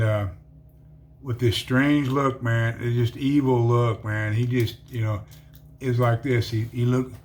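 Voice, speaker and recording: A man's voice: medium pitch, a little mellow, a little hiss or hum. A middle-aged man rambling through a personal testimony, full of fillers and calling the listener "man". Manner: rambling, filler-heavy, says "man" often. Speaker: testimony speaker.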